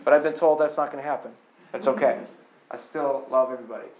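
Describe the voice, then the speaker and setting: A man's voice: mid-range voice, quick pace, darkish tone. A man preaching a sermon in a loose, joking, conversational way, with a Boston accent, in a church. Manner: humorous, conversational, mimics other voices. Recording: echoey room.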